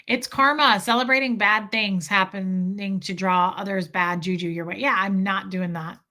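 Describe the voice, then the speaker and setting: Bright, chatty woman livestreaming. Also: medium pitch, fairly even intonation, moderate pace. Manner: chatty, candid, reacts to viewer comments. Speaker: livestream host reading super chats. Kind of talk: casual livestream chat.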